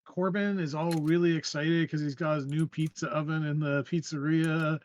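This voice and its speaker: A man's voice: on the high side, flat delivery, normal speed, a little mellow. A man running a tabletop game as game master, narrating in a rambling way with frequent restarts. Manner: rambling, with many fillers and restarts.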